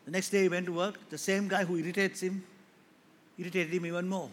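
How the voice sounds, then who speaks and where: A male pastor preaching a sermon to a church, swinging from quiet talk to loud impassioned calls and acting out the people in his stories. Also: high-pitched, little pitch movement, quick pace, slight background noise. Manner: rises to loud impassioned preaching, acts out quoted voices. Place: large church hall. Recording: echoey hall with faint ambience.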